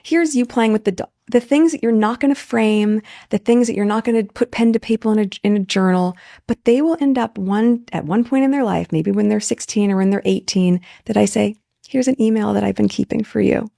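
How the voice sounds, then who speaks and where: A mother speaking earnestly and emotionally on a podcast, her words trailing off softly. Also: medium pitch, brisk, vocal fry, few pauses, no room sound, studio quality. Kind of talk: heartfelt podcast talk.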